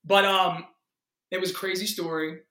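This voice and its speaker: Guy with a high voice telling a wild audition story, lots of swearing, echoey room. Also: normal speed. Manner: excitable, acts out quotes, swears freely. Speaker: actor guest. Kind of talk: animated storytelling in a casual interview.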